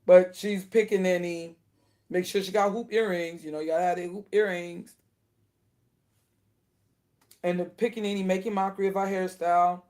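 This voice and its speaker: A woman giving casual spoken commentary to her viewers, indignant and animated, laughing between her points. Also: fairly low pitch, fairly quick. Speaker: video commentator.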